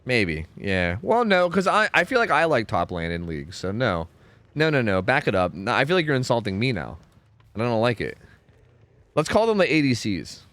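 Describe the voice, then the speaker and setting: A man's voice: medium pitch, very animated, normal speed, fairly bright tone, no echo. A young man streaming a game, chatting casually and rambling through answers to chat, often stumbling and repeating words.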